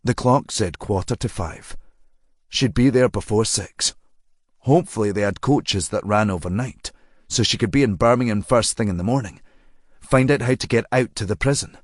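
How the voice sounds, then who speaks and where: A man narrating an audiobook crime novel in a measured, even storytelling manner. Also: on the low side, no room sound, clean studio sound. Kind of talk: scripted narration.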